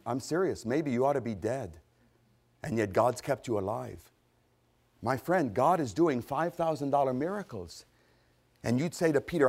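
A middle-aged man preaching a sermon, fervent and rising to loud, emphatic peaks. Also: mid-range voice, lively intonation, normal speed.

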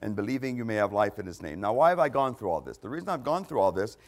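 A man's voice: fairly low pitch, big pitch swings, quick pace. A man preaching a sermon, reading scripture aloud and pressing his points with emphatic bursts. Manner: emphatic, quoting scripture with rising intensity.

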